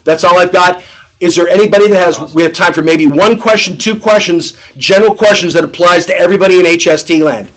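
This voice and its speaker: A man giving a sales training talk to his team, lively and acting out both sides of phone calls. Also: high voice, quick pace, rough recording.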